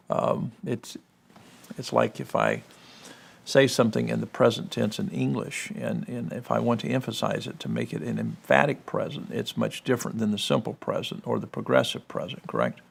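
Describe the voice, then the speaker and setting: Gravelly man explaining ancient languages. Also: medium pitch, animated, moderate pace. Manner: peppers speech with "you know", checks understanding with "correct?". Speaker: guest explaining biblical languages. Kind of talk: teaching explanation in a discussion.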